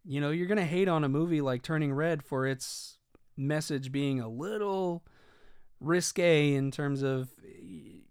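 A man's voice: on the high side, a little slow, clear, resonant tone, no echo, studio quality. A man giving casual video commentary, rambling and swearing, with many fillers and restarts.

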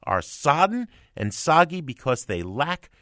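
A man's voice: on the high side, very animated, a little slow, fairly bright tone, dry recording, studio quality. A man co-hosting a radio music review show, talking in an emphatic, sarcastic way with theatrical swings. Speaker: music critic co-host. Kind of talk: opinionated studio review chat. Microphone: studio microphone.

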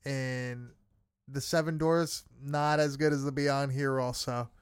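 A man's voice: mid-range voice, steady tone, takes it slowly, smooth, no room sound, clean studio sound. A man casually recapping a horror film with friends, swearing often and leaning on fillers. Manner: loose, swearing, many fillers.

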